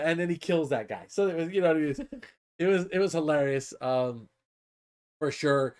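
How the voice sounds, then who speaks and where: A man's voice: on the high side, expressive, moderate pace. A man hosting a casual live stream, retelling a story animatedly and laughing often. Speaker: host.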